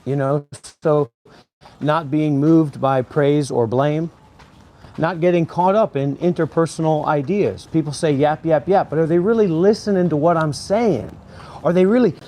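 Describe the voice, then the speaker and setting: This former Buddhist monk has a fairly high voice with a dark tone and an unhurried delivery. Filmed outdoors in a graveyard, he rambles and preaches to camera, saying the same phrases again and again.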